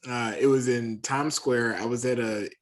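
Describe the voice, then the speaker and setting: A man with a Southern US accent, chatting as a podcast guest and telling lively self-deprecating stories. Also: mid-range voice, moderate pace. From American South. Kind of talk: casual chat, storytelling.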